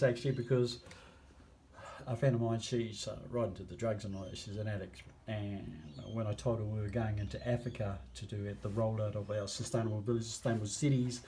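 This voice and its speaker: A man with a New Zealand accent delivers a passionate appeal straight to his viewers, his voice sitting at an ordinary middle pitch. He slows down to lean on key phrases, then drops to near-hushed asides before building back up. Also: slight background noise. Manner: emphatic, slow drawn-out phrases, swings between loud and hushed. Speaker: campaigner addressing viewers. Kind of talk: impassioned appeal to camera.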